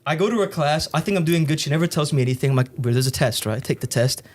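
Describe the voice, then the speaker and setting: A young man hosting a podcast, chatting casually and swearing freely as he tells animated stories. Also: a little high, rapid-fire. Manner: profane, storytelling, animated.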